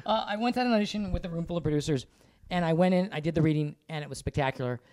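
A man's voice: on the high side, racing. A man in casual chat, telling funny stories with lots of laughter and put-on voices. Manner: animated storyteller, laughing often and putting on voices.

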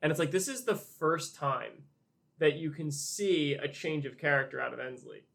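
A podcast co-host in a casual book discussion, retelling a story with animated energy and frequent swearing. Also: mid-range voice, moderate pace, vocal fry.

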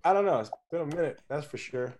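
A man with a somewhat higher voice co-hosts a casual podcast chat. He tells stories in an animated way and swears freely as he goes. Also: quick pace. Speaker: podcast co-host.

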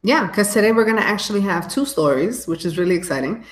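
A woman co-hosting a podcast live, chatting casually with slang and shout-outs over a phone mic. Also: medium pitch, animated, quick pace. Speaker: podcast co-host. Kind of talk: casual live-stream chat.

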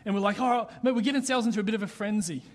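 A young man giving a casual sermon, chatty and halting, with many restarts and fillers. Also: sits high. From Australia. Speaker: pastor.

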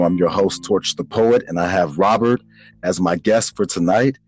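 A man's voice: low voice, steady tone, normal speed, a little mellow, soft background music, poor audio. A man hosting a podcast in a laid-back, joking way, repeating his phrases and laughing often. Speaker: podcast host. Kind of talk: casual podcast chat.

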